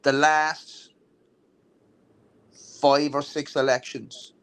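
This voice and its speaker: A man's voice: a little high, flat delivery, very slow, fairly bright tone, smooth. A man talking politics heatedly and bluntly, swearing and restarting his sentences often. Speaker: veteran political talk show guest.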